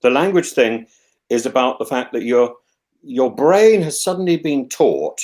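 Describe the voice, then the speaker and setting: An English man hosts a casual chat, thinking aloud in long discursive turns. He stumbles over repeated words and restarts his sentences often. His pitch swings widely as he talks. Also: expressive, unhurried, darkish tone. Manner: rambling, with many restarts and stammered repeats; musing and discursive. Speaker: host.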